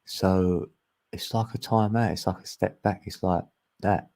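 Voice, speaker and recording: A man's voice: low-pitched, fairly even intonation, measured pace, vocal fry, warm tone. A man, chatting casually as a channel host, laid-back and laughing often. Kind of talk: casual chat.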